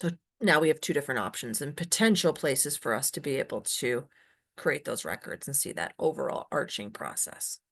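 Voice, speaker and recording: A woman training users in a software webinar, emphatic and often checking in with "right?". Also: extremely low pitch, animated, moderate pace, creaky, husky.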